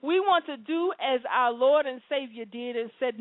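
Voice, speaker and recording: A woman preaching a sermon and praying aloud, swinging between soft pleading and loud exclamations. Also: high-pitched, normal speed, no echo. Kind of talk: sermon and prayer. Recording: dry, phone-like sound.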